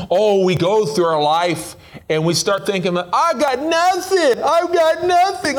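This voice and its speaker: A male pastor preaches a casual, playful sermon, swinging between excited high asides and low, quiet remarks.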